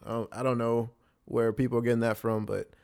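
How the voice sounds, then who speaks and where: A man's voice: mid-range voice, flat delivery, brisk, vocal fry, darkish tone. A young man, co-hosting a podcast in casual chat, laid-back, laughing often and swearing casually. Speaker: podcast co-host.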